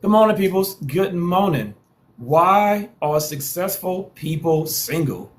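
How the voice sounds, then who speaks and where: A man's voice: sits high, animated, takes it slowly. A man hosting a live social stream, hyping viewers with repeated calls to follow and share and playful trash talk.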